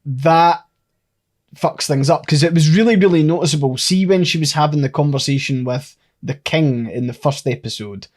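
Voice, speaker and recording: A man's voice: fairly high pitch, moderate pace. Man musing through a theory. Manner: thinks aloud, lays out theories at length. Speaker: podcast co-host. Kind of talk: casual chat.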